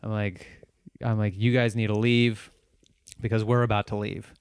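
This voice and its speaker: A man, a stand-up comedian, telling a long story in casual chat, animated and profane, often restarting and acting out what people said. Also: fairly low pitch, normal speed, smooth, no echo, clean studio sound.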